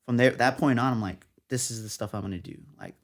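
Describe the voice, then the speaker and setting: A man's voice: mid-range voice, fast. A young man from Texas, a journalist guest, telling his story in a casual interview and acting out what people said to him. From San Antonio, Texas. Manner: animated, acts out quotes of others.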